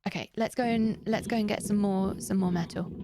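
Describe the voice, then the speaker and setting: Female streamer, chatty and direct with viewers, voice with a fry edge. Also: mid-range voice, fairly even intonation, a little fast. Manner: chatty, talks straight to viewers. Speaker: live streamer. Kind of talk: casual gaming stream chat.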